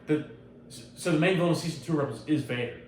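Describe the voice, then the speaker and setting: Profane, excitable man recorded off-mic in a roomy space. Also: a little high, fast, recorded from a distance, slight background noise. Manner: loose, profane, animated retelling. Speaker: podcast host. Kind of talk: casual chat. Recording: roomy echo, off-mic, faint ambience.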